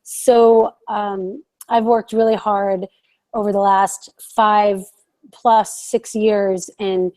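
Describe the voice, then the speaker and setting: A woman's voice: medium pitch, flat delivery, very slow, a little mellow. A woman from the United States, a mental health counselor, speaking as a podcast guest in an enthusiastic, reflective way. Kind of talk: casual podcast conversation.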